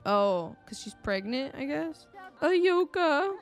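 High-voiced excitable woman streamer. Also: takes it slowly, soft background music. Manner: excitable, chatty, gasps and laughs often. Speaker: game streamer. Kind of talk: casual gameplay commentary.

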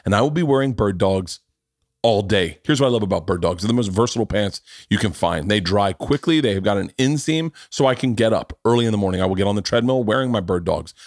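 Loud profane man telling stories. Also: lowish voice, dry recording, studio quality. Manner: loud, animated, profane storytelling. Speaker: podcast host. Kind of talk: casual storytelling chat.

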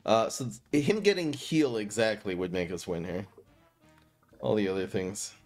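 A man's voice: fairly low pitch, normal speed, faint music behind. A man streaming live, chatting casually and thinking aloud as he plays a card game. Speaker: gaming streamer.

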